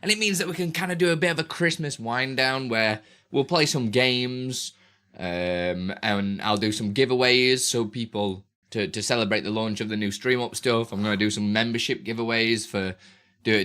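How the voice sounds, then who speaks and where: A man's voice: lowish voice, moderate pace, pushed and bright. A British man chatting casually on a live stream from his small home room at a close desk mic. He is playful and laughs often, and slips into sing-song baby talk. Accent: British English. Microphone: desk microphone close up.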